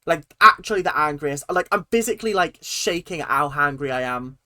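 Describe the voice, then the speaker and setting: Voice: mid-range voice, lively intonation, fairly quick, bright, forceful tone, dry recording, studio quality. A host ranting indignantly while reacting to a TV show, in heated, fired-up commentary.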